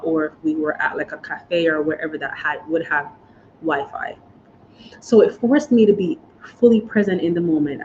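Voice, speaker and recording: A woman's voice: on the low side, a little mellow. A woman vlogger telling a personal story in a chatty, emotional way, choking up and speaking to her viewers as y'all. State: choked up with emotion. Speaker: vlogger sharing moving-abroad experiences. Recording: slightly dull, faint background hiss.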